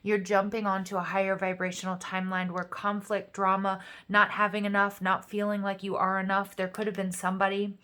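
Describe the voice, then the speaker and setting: A woman giving a casual, upbeat tarot reading straight to her viewers, encouraging and quick to get excited. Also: medium pitch. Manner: upbeat, encouraging, excitable, fillers like "you know". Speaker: tarot reader.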